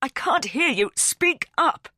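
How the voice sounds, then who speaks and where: A woman's voice: mid-range voice, very animated, fairly quick, a bit bright, pitched above the performer's own voice. A woman voicing a frantic father on the phone, tense and close to tears.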